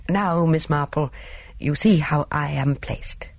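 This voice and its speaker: A woman voicing a grave, cautious middle-aged man in an audiobook, speaking in a measured, grim way. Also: sits low, dry recording, exaggerated voice. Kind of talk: audiobook character voice.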